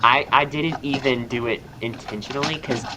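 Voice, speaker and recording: A man's voice: mid-range voice, normal speed, background noise. A young man with a Southern American accent hosting a podcast, chatting casually and rambling upbeat with lots of fillers. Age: young adult. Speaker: podcast host and astrologer. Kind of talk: casual chat.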